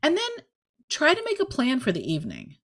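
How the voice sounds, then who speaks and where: A woman in her forties giving candid parenting advice in casual conversation, talking in quick bursts and often checking in with "right?". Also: high-pitched. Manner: lively, candid, rapid bursts with frequent "right?". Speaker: podcast co-host, parenting guest.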